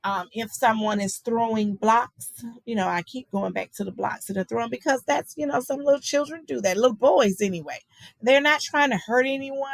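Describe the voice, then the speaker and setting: A woman's voice: a little high, moderate pace, gravelly, no echo, low-quality recording. A woman teaching a virtual class on guiding young children, talking in a conversational way with many fillers and frequent "okay?" checks. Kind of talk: virtual lecture on child guidance.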